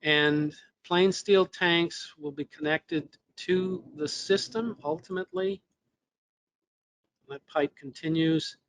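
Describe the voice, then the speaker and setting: A man's voice: a little high, steady tone, slow pace, a bit bright. A man presenting a technical webinar lesson, explaining step by step with fillers and restarts, his voice a little worn. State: losing his voice.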